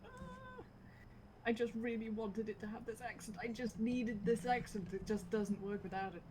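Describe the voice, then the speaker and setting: A woman's voice: a little high, flat delivery, a little fast, a little mellow, slight background noise. A woman player in a tabletop game, chatting casually, giggly and apologetic. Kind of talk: casual chat.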